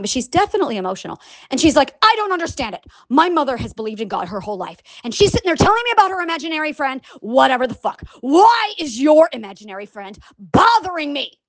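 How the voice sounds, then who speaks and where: Woman, high voice, dry close sound; rambling, profane monologue full of restarts. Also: no room sound. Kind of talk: casual monologue to camera.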